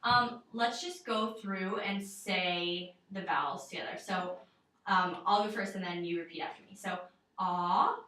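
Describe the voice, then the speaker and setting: A woman's voice: mid-range voice, steady tone, a little slow, sharp tone. A young woman giving a one-on-one singing lesson, explaining in a casual, chatty way with many fillers. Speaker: voice teacher. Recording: roomy echo, mic far off.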